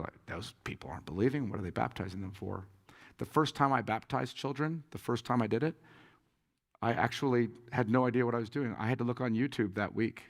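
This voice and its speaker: A pastor answering audience questions at a conference, telling stories with lively acted-out quotes and frequent laughter. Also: male voice, lowish voice, in a large hall. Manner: animated storyteller, acts out quotes, laughs often. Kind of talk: conference Q&A talk.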